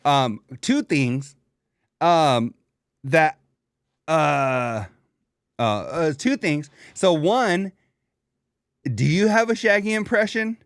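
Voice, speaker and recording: A man's voice: on the high side, drawn-out words, long pauses, dry recording, clean studio sound. A man co-hosting a podcast in casual, slangy chat, laid-back and laughing often. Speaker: podcast co-host.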